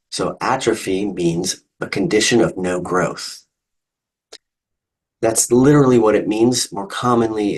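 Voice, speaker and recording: In a recorded online lecture, a male instructor patiently explains terms, using fillers and restarting sentences. His voice is low-pitched and husky, and the recording quality is rough.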